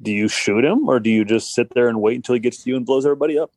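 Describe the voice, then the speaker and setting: A man's voice: medium pitch, very fast, darkish tone, no echo. A man co-hosting a casual podcast, earnestly arguing his point.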